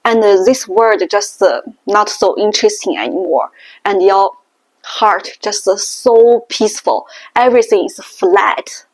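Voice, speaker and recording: A woman teaching Mandarin tones in a language lesson, explaining slowly and deliberately. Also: mid-range voice. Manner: slow, deliberate explaining with exaggerated tone demonstrations.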